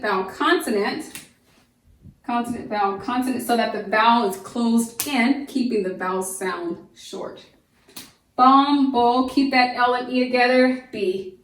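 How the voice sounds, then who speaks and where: A woman homeschool teacher giving a phonics lesson to young children, stretching out each word slowly and explaining patiently. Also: on the high side, far from the mic. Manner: slow, drawn-out sounding of words, patient explaining. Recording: echoey room, voice off-mic.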